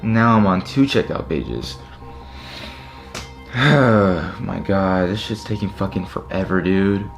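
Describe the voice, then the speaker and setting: A man's voice: low voice, expressive, slow, creaky, pauses often, faint music behind. A young man talking casually to his viewers, frustrated and swearing a lot as he tries to buy clothes online. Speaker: streetwear vlogger. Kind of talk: casual live commentary.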